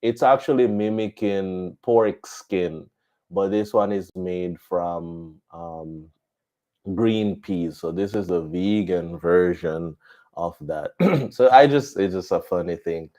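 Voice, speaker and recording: A man who flies as a missionary pilot, chatting to viewers on a live stream and telling stories in an animated way. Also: sits low, slow. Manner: animated storytelling with laughs.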